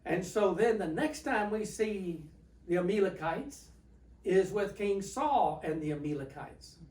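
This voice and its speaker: A man leads a relaxed Bible study as pastor, spinning the story in a folksy, stop-and-start way. His voice rings around an echoey church room. He sounds set back from the microphone. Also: sits high, measured pace. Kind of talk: informal Bible study teaching. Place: church sanctuary. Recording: echoey room, mic at a distance.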